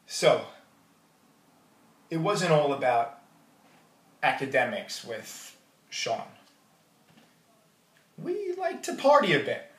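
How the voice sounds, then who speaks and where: A man's voice: on the high side, wildly swooping pitch, takes it slowly, pauses often. A man giving a wedding toast, telling jokey stories about the groom. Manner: storytelling, jokey and warm toward the groom. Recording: roomy hall audio from a distance.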